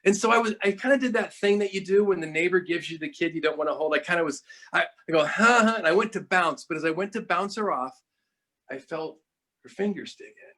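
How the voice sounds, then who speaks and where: A middle-aged man telling a personal story in a talk, animated and full of restarts, acting out what people said. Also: fairly high pitch, a little fast. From United States. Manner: animated, lots of restarts and acted-out quotes. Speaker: guest speaker. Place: online talk.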